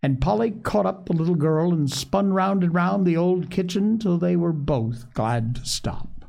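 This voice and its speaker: A man reading a children's story aloud, gentle, expressive and unhurried. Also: medium pitch, gravelly.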